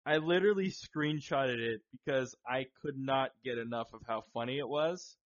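A man co-hosting a podcast in casual chat, excitable, swearing and laughing a lot. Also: medium pitch, normal speed. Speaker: podcast co-host. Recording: dull lo-fi sound.

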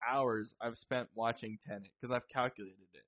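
A man co-hosting a podcast in casual chat, excitable, swearing and laughing a lot. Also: mid-range voice, moderate pace. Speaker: podcast co-host. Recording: dull lo-fi sound.

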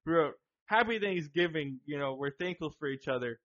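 A man co-hosting a podcast in casual chat, excitable, swearing and laughing a lot. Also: fairly high pitch, fast talker. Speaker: podcast co-host. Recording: dull lo-fi sound.

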